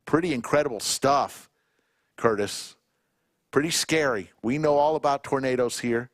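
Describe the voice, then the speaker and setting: A man hosting a live poker stream in a poker room, chatting casually and reading out viewer shout-outs one by one. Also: mid-range voice, normal speed, dry recording, studio quality. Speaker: poker livestream commentator.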